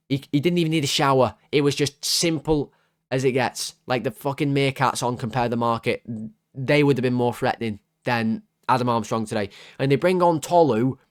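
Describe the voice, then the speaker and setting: Exasperated bloke ranting, dry sound. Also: male voice, medium pitch, no echo. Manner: exasperated, sarcastic, rambling comic exaggeration. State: voice starting to go hoarse. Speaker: football fan channel host. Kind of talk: player-ratings rant.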